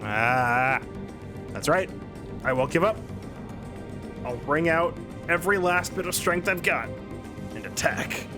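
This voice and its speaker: A man's voice: on the high side, animated, unhurried, long pauses, music in the background. A man co-hosting a let's play, reading game dialogue aloud with earnest drama.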